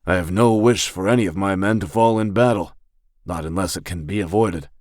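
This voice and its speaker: A man voicing a dignified male guard commander who speaks in a formal, measured way. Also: deep voice, a little mellow, dry recording, clean studio sound, close to an everyday voice.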